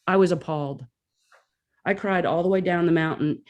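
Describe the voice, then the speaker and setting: Woman guest, casual storyteller, animated, plays out her reactions. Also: lowish voice, normal speed, long pauses.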